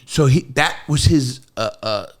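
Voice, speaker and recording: A middle-aged man hosting a podcast, telling stories in casual chat and jumping to loud, high quotes. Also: measured pace. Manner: animated storyteller, jumps to loud high quoting. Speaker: podcast host.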